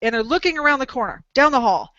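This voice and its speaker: A woman hosting a dog training talk show, telling long animated stories with exclamations and restarts. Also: high-pitched, fast, no room sound, dull audio. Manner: animated, rambling anecdotes with exclamations. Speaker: podcast host, dog trainer. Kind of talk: casual storytelling chat.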